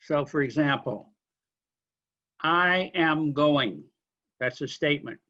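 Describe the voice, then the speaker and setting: A man lecturing a linguistics class, explaining question forms slowly with examples and apologizing for being unclear. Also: on the high side, pushed and bright, highs cut off. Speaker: linguistics instructor.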